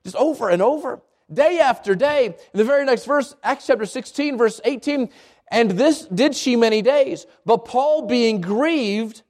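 A man's voice: very high voice, lively intonation, unhurried, a little mellow. A man preaching a sermon in an earnest way, often repeating and restarting his phrases. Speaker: pastor.

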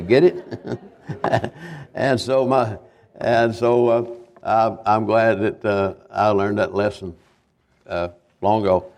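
An older man, a visiting evangelist giving a homespun sermon testimony, halting and repeating himself as he tells his stories. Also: lowish voice, steady tone, darkish tone. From Kentucky, USA. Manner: halting, repetitive, homespun storytelling.

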